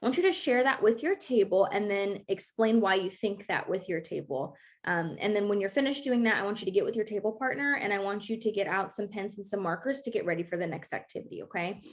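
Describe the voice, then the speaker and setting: A woman's voice: mid-range voice, expressive, fast, few pauses. Encouraging young woman teaching class online. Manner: encouraging, checks in with frequent okays.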